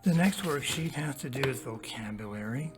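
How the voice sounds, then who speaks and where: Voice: medium pitch, animated, over music. A teacher reading a storybook passage aloud, then walking listeners step by step through a worksheet, talking straight to them. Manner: slow, deliberate, spells out each step; talks straight to young listeners.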